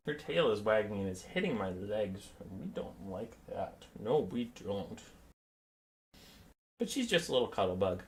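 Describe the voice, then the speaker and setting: A man chats casually on his live game stream in a playful way. His pitch moves around a lot, and he keeps switching into high baby talk with his dog and cat. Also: very animated, unhurried, a little hiss or hum.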